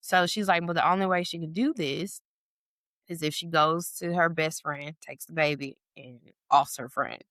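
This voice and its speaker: A woman's voice: moderate pace, no echo, clean studio sound. A woman co-hosting a podcast, telling a story in casual chat, often saying "like" and acting out the people in it. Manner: animated storytelling, acts out quotes in a high voice; heavy use of "like" and "or whatever". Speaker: podcast co-host.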